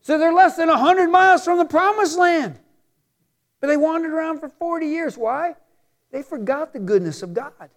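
High-voiced preacher. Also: male voice. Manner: swings between loud emphatic preaching and quiet asides; stretches out scripture quotes slowly for emphasis. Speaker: pastor. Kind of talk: sermon.

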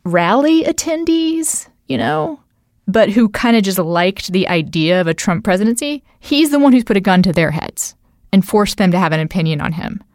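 A woman hosting a podcast, chatting about politics in an animated way with frequent asides. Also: on the low side, brisk, dry recording, clean studio sound. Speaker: podcast host. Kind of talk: casual political conversation.

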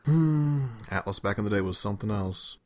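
A man's voice: on the low side, expressive, moderate pace, darkish tone. A man co-hosting a casual gaming podcast, chatty and enthusiastic in fan banter. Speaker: podcast co-host.

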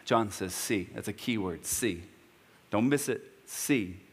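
A man in his thirties delivers a sermon in a lowish voice. He speaks earnestly and personally, and his delivery climbs into high, impassioned preaching. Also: slow pace, husky, in a large hall. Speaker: pastor.

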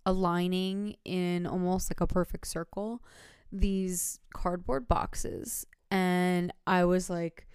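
Young female podcast co-host, casual rambler, lowish pitch, clean dry close mic. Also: level tone, slow pace, darkish tone, smooth, dry recording. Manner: rambling storyteller, filler-heavy, laughs often.

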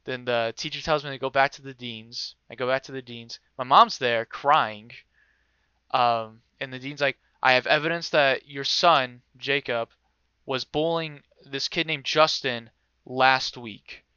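A young man casually telling a story, animated and swearing freely, acting out other people's voices. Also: medium pitch, measured pace, smooth, dry recording, muffled recording.

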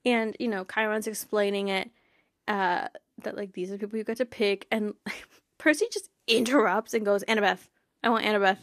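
A young woman chats on her podcast in a bubbly, giggly way, her sentences full of fillers. Her voice sits at an ordinary middle pitch for a woman. The sound is dry and close, with no room around it. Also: moderate pace, no room sound. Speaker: podcast host. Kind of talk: casual fan podcast chat.

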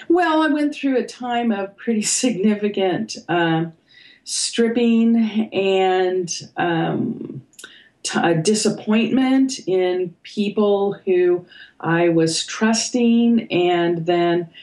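An older woman, a guest author, speaks in a reflective, thoughtful way. She hesitates with soft fillers and light laughs as she works through her ideas, and her voice sits in a middle pitch. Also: lively intonation, slow pace, rough recording. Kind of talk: reflective conversation.

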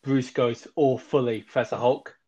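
A man co-hosts a podcast, chatting casually and enthusiastically about films while rambling and correcting himself. His medium-pitched voice is mellow with a breathy edge, steady and moderately paced, though the audio is dull.

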